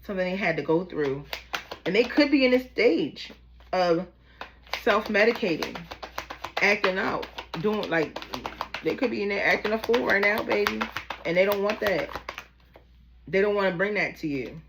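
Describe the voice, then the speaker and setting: A tarot reader with a Baltimore accent speaks animatedly at normal speed in a mid-range voice, pausing often, with background noise behind her. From Baltimore, USA, she keeps the reading casual and familiar, calling her viewers "y'all" and "baby."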